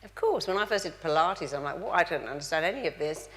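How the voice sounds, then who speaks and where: A woman's voice: deep voice, fast. A middle-aged woman giving a motivational talk to a live audience, acting out the lines she quotes. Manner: animated, acts out quoted dialogue. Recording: long hall reverb.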